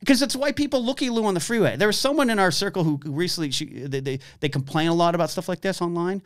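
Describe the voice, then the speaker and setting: Animated male storyteller, dry close sound. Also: high voice, fast, smooth, no echo. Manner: animated storyteller, acts out shouted quotes. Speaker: podcast guest. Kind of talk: casual storytelling.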